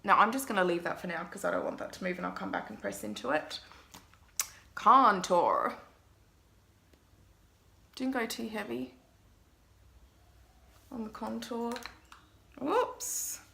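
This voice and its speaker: A woman's voice: mid-range voice, animated, unhurried, gravelly, pauses often, pushed and bright. A young woman, a makeup artist, chatting to viewers through a makeup tutorial vlog in a self-mocking way.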